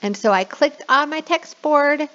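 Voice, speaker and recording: A woman's voice: high voice, measured pace, fairly bright tone, muffled recording. A woman walking new online teachers through a classroom platform, often checking in with "okay?" and slipping into a bubbly sing-song voice for kids. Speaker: online English teacher trainer. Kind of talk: screen-share tutorial.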